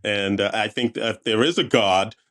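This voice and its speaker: A man's voice: fairly low pitch, moderate pace, a bit bright. A man hosting a podcast interview, chatty and enthusiastic, laughing often and throwing in asides. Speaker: podcast host.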